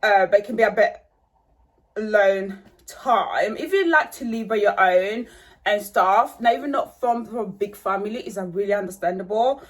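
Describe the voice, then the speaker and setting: A woman's voice: medium pitch, moderate pace. Chatty woman vlogging from her kitchen. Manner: rambling, chatty, many fillers. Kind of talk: casual chat to camera. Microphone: handheld phone.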